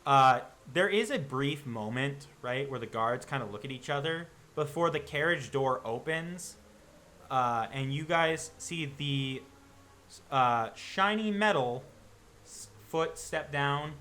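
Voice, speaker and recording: A man's voice: mid-range voice, expressive, slow, bright, forceful tone, a little hiss or hum. A man running a tabletop game as game master, narrating loosely with lots of fillers and restarts.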